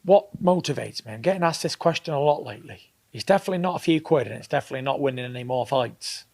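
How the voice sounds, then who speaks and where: A man in a recorded interview, talking plainly and insistently at an ordinary middle pitch. He hammers his points by repeating them, direct and without polish. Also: expressive, quick pace, a little mellow. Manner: blunt, emphatic, repetitive. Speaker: professional boxer.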